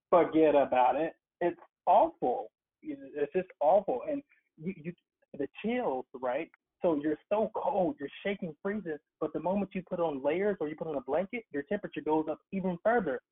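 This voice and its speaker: A man's voice: a little high, slightly rough. Man on a tinny phone line. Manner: earnest, emphatic storytelling. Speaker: guest, occupational therapist. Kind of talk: casual interview by phone. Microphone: phone call.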